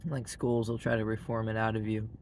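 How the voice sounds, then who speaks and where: Flat-voiced Southern man, blunt and rambly. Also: lowish voice, fairly quick, a little hiss or hum. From Arkansas, US. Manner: blunt and frank, heavy use of "like" fillers. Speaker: vlogger. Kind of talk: casual monologue to camera.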